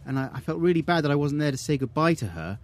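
A man co-hosting a radio show, chatting casually in an animated, teasing way with frequent laughter. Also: a little high, fast. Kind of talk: casual chat.

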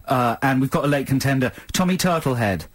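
Husky, joking radio host. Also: male voice, medium pitch, animated, fairly quick. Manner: jokey, playful, teasing. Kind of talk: casual radio banter.

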